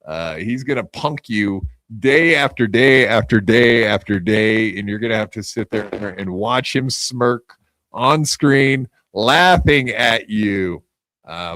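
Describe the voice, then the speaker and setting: Profane ranting podcast host, dry close sound. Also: male voice, mid-range voice, a bit bright, no room sound. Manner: profane, taunting rant delivery. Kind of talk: casual live podcast talk.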